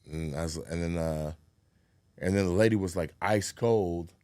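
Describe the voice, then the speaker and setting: A man's voice: low voice, moderate pace, no room sound, studio quality. A man co-hosting a podcast, telling a story in casual chat and acting out what people said, with plenty of swearing. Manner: animated, acts out quotes, profane. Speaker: podcast co-host.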